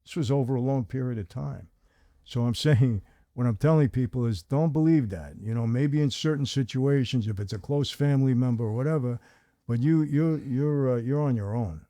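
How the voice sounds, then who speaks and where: A man's voice: mid-range voice, moderate pace, dark tone, no room sound. An older man hosting a conversation, telling stories at length and acting out quoted dialogue. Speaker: host. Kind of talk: conversational storytelling.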